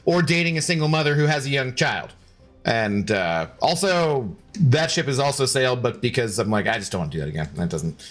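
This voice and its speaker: A man's voice: a little high, a bit bright. Rambling streamer man in his thirties. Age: 30s. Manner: rambling, many fillers and restarts. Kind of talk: casual live-stream chat while gaming.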